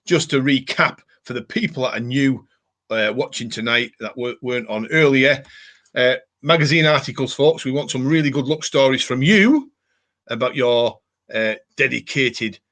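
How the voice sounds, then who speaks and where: A man's voice: mid-range voice, normal speed, a bit bright. Live stream host, male, chatty and rambling, lots of ums and restarts. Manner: rambling, many fillers and restarts. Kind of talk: casual live chat reading viewer comments.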